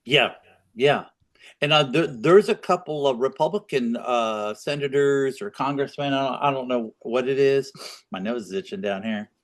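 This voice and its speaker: A man's voice: medium pitch, moderate pace. A man co-hosting a political podcast, talking in a rambling, opinionated way with frequent restarts. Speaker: podcast co-host. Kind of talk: casual political chat.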